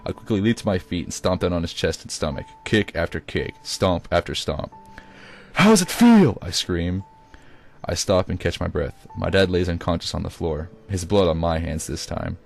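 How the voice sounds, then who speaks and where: A man with a very low, deep voice reads his own first-person story aloud. The delivery is amateur, with occasional stumbles and restarts. Faint music plays behind him. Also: fairly even intonation, a little fast, gravelly, hardly any pauses. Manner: occasional stumbles and self-corrections. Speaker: reader.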